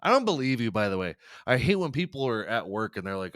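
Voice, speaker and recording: A man's voice: mid-range voice, very animated, quick pace, fairly bright tone, no echo, clean studio sound. A man hosting a podcast, delivering a rambling, profane, sarcastic comedic rant. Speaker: podcast host. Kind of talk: comedic ranting monologue.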